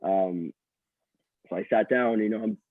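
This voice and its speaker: A man's voice: fairly low pitch, unhurried, no echo. A young man from Quebec, a college hockey player telling stories as a guest, rambling with many fillers and restarts. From Quebec, Canada. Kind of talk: casual storytelling interview. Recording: dry tinny call audio.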